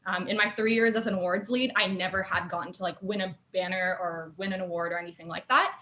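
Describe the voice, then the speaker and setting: A woman's voice: on the low side, steady tone, fast, sharp tone. A young woman telling stories from her student robotics team in a casual chat, with lots of fillers and laughter. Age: young adult. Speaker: guest. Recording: echoey room.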